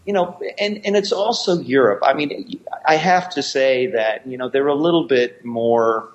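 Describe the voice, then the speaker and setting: Man, American, interview guest, rambling storyteller, muffled lo-fi recording, mid pitch. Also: moderate pace, slight background noise. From United States. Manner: rambling anecdotes with many restarts. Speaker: guest, martial arts actor.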